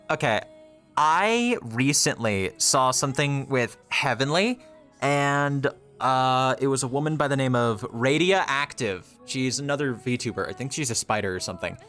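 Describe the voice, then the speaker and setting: A man's voice: medium pitch, fairly bright tone. A man streaming and chatting casually, rambling with lots of fillers. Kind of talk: casual chat. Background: faint music.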